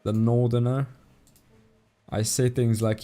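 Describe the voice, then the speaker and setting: A man's voice: mid-range voice, slow, pauses often, warm tone. A man with a non-native English accent streaming a game, chatting casually and thanking viewers in chat as he plays. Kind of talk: casual live-stream commentary while playing.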